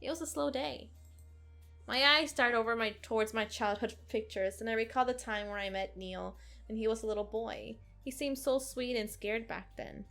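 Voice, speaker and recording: A woman hosting a let's play, reading a visual novel aloud in an expressive, sarcastic way. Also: a little high, creaky. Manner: expressive, sarcastic, occasional giggles.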